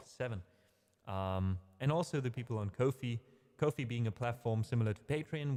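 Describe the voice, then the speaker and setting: In his home streaming room, a man with a lowish, darkish voice runs a laid-back music livestream, his speech trailing off into a long reverb. He wanders a little in his talk, fixes his own slips, and addresses his chat in a friendly way.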